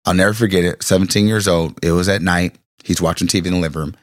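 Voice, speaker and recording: A man's voice: low-pitched, steady tone, quick pace, dry recording, studio quality. A man in his thirties, a pastor, chatting casually and telling an emotional personal story with stumbling restarts.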